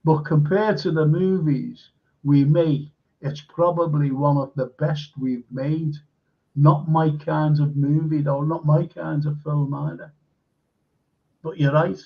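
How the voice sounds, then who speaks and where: A man's voice: on the high side, fairly even intonation, takes it slowly, creaky. A man hosting a live stream, reading viewer comments aloud and chatting casually with fillers. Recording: dull lo-fi stream audio.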